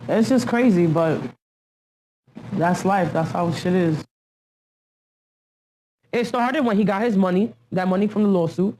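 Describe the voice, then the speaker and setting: A woman's voice: medium pitch, measured pace, long pauses, darkish tone, a little hiss or hum. A middle-aged woman recounting her past in a documentary interview, blunt and full of street slang. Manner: blunt street slang, frequent "you know what I'm saying".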